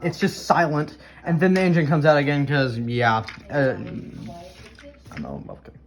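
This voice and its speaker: A speaker casually narrating a chaotic video, excitable and rambling, with many restarts and fillers. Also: mid-range voice, moderate pace. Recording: noisy home recording.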